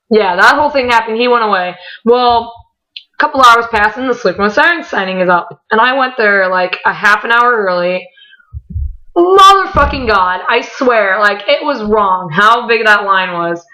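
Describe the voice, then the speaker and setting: A woman vlogger telling a story casually, excitable and full of swearing as she acts out what people said. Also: mid-range voice, normal speed. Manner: excitable, profanity-laden, quoting voices. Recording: dull lo-fi recording.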